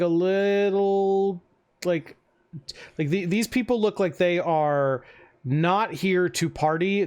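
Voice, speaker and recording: A man's voice: on the high side, clean tone. A man running a tabletop game as game master, describing scenes in rambling, filler-heavy speech.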